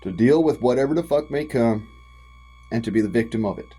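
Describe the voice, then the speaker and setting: A man's voice: medium pitch, lively intonation, mellow, husky, low-quality recording. Profane folksy man ranting. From United States. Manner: folksy and profane, drawn-out emphatic phrasing. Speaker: vlogger. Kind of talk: impassioned direct-to-camera rant.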